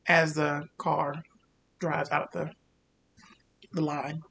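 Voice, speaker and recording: A man narrating a tabletop game as game master, casual and halting with many fillers. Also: fairly high pitch, little pitch movement, vocal fry, a bit bright, husky.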